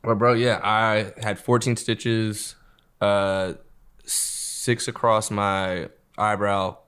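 A young man, a podcast guest, telling a story in a casual, animated way, swearing freely and laughing as he goes. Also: fairly low pitch, extremely slow, smooth. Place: podcast studio.

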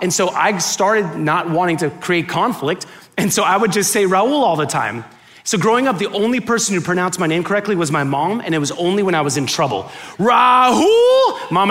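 A high-pitched man from Miami delivers a lively, joke-filled sermon in a church auditorium. He acts out little exchanges with different voices, playing to a live crowd. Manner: animated, joking, acts out dialogue. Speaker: guest preacher. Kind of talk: sermon with comic storytelling.

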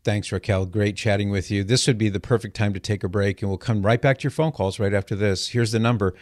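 A man with a fairly low voice hosts a call-in radio show from a studio microphone. He explains things patiently and earnestly. The sound is dry and close. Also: steady tone, fast talker, dry recording.

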